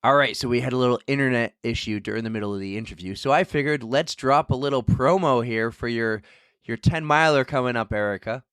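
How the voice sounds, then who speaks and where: A man hosting a podcast in a relaxed, chatty way, his voice at a middle pitch for a man. He recounts stories with lively energy. The sound is close and dry, with no room around it. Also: brisk, clean tone, dry recording. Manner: chatty, animated storytelling. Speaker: podcast host. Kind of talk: casual interview chat.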